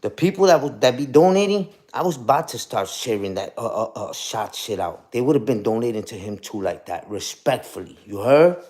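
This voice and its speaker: A man's voice: mid-range voice, animated, brisk, few pauses, a little mellow. A young man ranting on a casual livestream, profane and combative, ending lines with "you heard?". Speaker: streamer.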